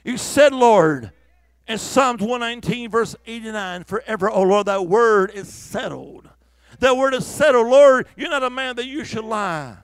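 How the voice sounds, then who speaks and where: High gravelly fervent preacher man. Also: expressive, unhurried, no echo. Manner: fervent, exhorting, calls out hallelujah. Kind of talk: revival sermon.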